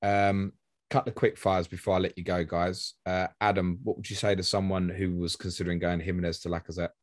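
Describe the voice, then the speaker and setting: A man's voice: low-pitched, little pitch movement, a little fast, dry recording, clean studio sound. A man hosting a casual podcast, chatty and rambling, swearing now and then. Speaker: podcast host. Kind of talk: casual fantasy football podcast chat.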